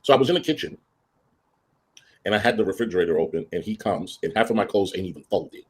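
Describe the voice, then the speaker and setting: A man's voice: fast, husky. A man telling a story casually on a livestream, ranting and acting out both sides of an argument. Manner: animated, rants and acts out both sides of arguments; greets viewers in a high sing-song voice. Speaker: livestream host.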